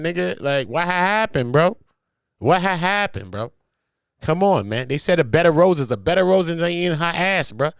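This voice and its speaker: A man hosting a live reaction show. He reads a document aloud and comments on it in an animated, profane way, swinging between shouting and muttering. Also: medium pitch, no room sound, studio quality. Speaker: host.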